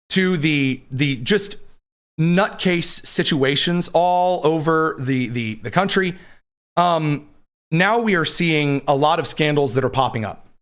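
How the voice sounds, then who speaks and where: A man hosts a live political commentary show from a studio mic, his voice sitting somewhat high for a man. He sounds combative and sarcastic, breaking off to read news quotes aloud before tearing into them. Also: a bit bright.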